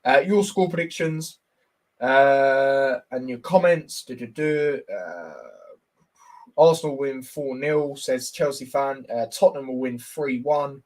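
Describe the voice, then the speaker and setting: A man's voice: mid-range voice, slow pace, a little mellow. A young man giving casual, blunt football predictions on a livestream, reading stats and viewer comments with lots of fillers.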